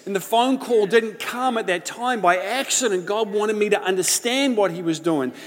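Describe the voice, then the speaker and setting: A man preaching a sermon, telling a personal story with passion, swinging between loud outbursts and hushed prayer. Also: high-pitched, moderate pace. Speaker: pastor. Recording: long hall reverb.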